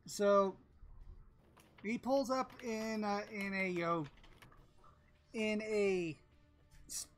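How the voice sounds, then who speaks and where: Slow, halting woman game master. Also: medium pitch, fairly even intonation, soft background music. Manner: halting, full of fillers and restarts. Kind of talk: narrating a tabletop game.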